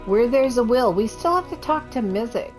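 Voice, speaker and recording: A woman chatting casually before a game stream, teasing and halting with fillers. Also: a little high, expressive, a little mellow, soft background music. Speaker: co-host and player.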